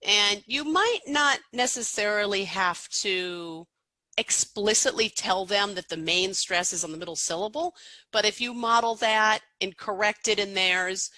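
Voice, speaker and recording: A woman's voice: mid-range voice, pushed and bright, dry recording, low-quality recording. A middle-aged American woman, an accent coach, explaining teaching tips in a chatty way, with frequent fillers and restarts. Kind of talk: podcast interview answer.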